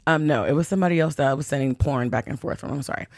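Her voice low-pitched and very fast, a podcast host in New York City tells a casual story full of swearing, fillers, and constant "likes." She acts out the quotes, and the clean studio sound has no echo.

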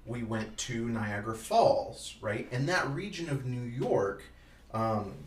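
Dad chatting on a podcast, rambly and jokey, sits back from the mic, roomy echo, faint hiss. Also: male voice, medium pitch, animated, slow. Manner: rambling and playful, with frequent ums and restarts. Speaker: podcast co-host and father. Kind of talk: casual chat. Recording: echoey room, distant from the mic, faint noise.

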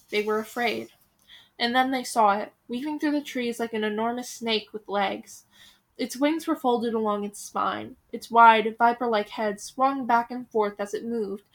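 A woman's voice: a little high, a bit bright. A woman reading a storybook aloud with dramatic, suspenseful pacing.

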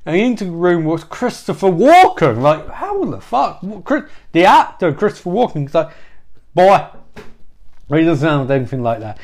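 A man's voice: a little high, very animated, normal speed, few pauses, a little mellow. A man hosting a podcast, talking through a rambling comedic monologue with self-interruptions, swearing and asides. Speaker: podcast host.

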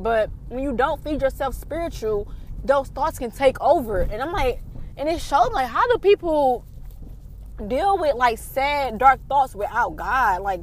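A young woman tells a heartfelt faith testimony in a vlog. Her voice sits a little high and she rambles, leaning on "like" again and again. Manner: rambling, fills with "like". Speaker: vlogger.

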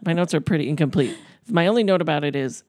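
A woman's voice: low voice, fast, darkish tone, dry recording. A woman casually discussing a movie, adding dry, understated remarks. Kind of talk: casual movie recap chat.

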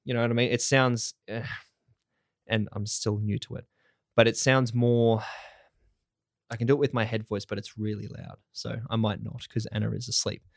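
A man's voice: on the low side, flat delivery, moderate pace, vocal fry, no echo, studio quality. Casual rambling man on a podcast. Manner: rambling, swears, many fillers. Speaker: podcast host.

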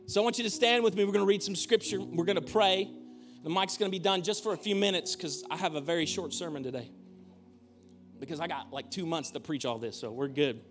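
A male pastor delivers a sermon in a church with a high, light voice. His preaching is conversational and broken up by humorous asides. Faint music plays under him. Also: fairly quick. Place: church auditorium.

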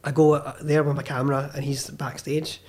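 A man's voice: fairly high pitch, little pitch movement, brisk, a little mellow. A young Scottish man, a filmmaker on a podcast, telling a story animatedly and swearing freely as he acts out the quotes. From Scotland. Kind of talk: casual storytelling chat.

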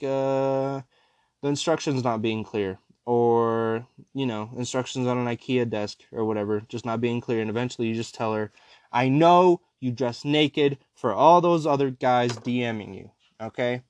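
A man's voice: mid-range voice, a little mellow, no room sound. Young male podcast host in his twenties, rambling slangy delivery, dry untreated sound. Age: 20s. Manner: rambling, slangy, calls listeners dude and bro. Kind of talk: casual chat.

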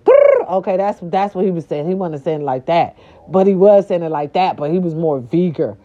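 A woman hosts a casual talk show, delivering a celebrity gossip monologue in a sassy, dramatic, slangy, and playful way with animated, dramatic pitch swings. She talks a little fast. The audio is dull and lo-fi, with slight background noise.

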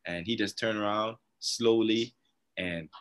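Laid-back young man, low voice. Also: steady tone, a little slow. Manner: laid-back, soft-spoken, laughs while telling stories. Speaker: guest, professional baseball player. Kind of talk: casual interview chat.

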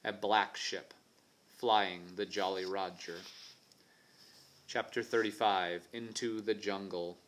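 A man narrating an adventure novel for an audiobook in a steady, even storytelling manner. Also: deep voice, takes it slowly, pauses often, a little hiss or hum. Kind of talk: scripted narration.

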